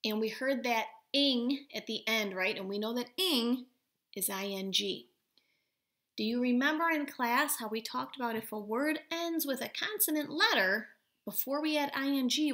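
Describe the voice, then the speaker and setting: A woman teaching first graders in a recorded video lesson, speaking gently and slowly and sounding out words for the children. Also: fairly high pitch.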